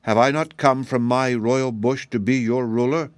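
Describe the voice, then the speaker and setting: A man voicing a gentle, sorrowful rose princess in a storybook, speaking softly and slowly. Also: mid-range voice, steady tone, no room sound, natural voice. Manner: soft, gentle and slow.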